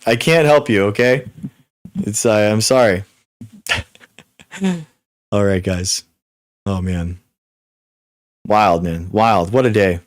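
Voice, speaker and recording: A young man hosting a live stream, answering chat questions in a rapid, repetitive, exasperated way with many restarts. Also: lowish voice, no room sound, clean studio sound. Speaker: livestream host. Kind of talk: live Q and A chat reading viewer comments.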